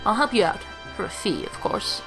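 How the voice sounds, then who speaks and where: A woman voicing a sly, mercenary male thief who talks quietly and in a businesslike way. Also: medium pitch, huge pitch swings, fairly quick, creaky, music in the background.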